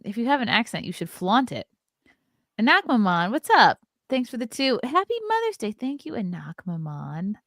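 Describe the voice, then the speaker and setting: A woman's voice: on the high side, very animated, normal speed, fairly bright tone, no echo, studio quality. A woman hosting a casual podcast, laughing often and reading viewer messages aloud. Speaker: podcast host reading chat. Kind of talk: casual chat.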